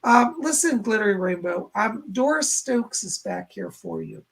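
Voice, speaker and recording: A man's voice: sits high, huge pitch swings, unhurried, fairly bright tone. A man hosting a live stream, giving psychic readings and relaying spirit messages while thanking viewers for donations in a chatty way. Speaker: psychic medium host.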